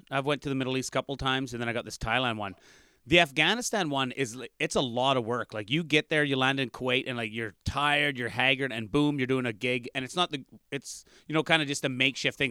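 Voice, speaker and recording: A man's voice: mid-range voice, bright, forceful tone, smooth, dry recording, clean studio sound. A man, a comedian telling a rambling road story in casual chat, full of restarts. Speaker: comedian guest.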